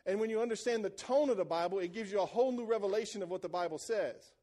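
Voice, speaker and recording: A man preaching a sermon in church, animated and calling out to the congregation for responses. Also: sits high, fast. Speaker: pastor.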